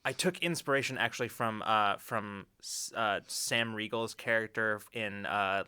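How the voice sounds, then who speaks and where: A man's voice: lowish voice, measured pace, bright, forceful tone, clean tone. A man co-hosting a casual tabletop gaming chat show, telling stories animatedly and laughing often. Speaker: podcast co-host.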